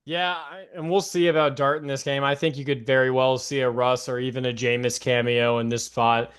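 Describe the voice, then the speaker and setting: A young man co-hosting a casual sports podcast, upbeat, with frequent fillers and emphatic pitch jumps. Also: little pitch movement, brisk, fairly bright tone, clear, resonant tone. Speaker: podcast co-host.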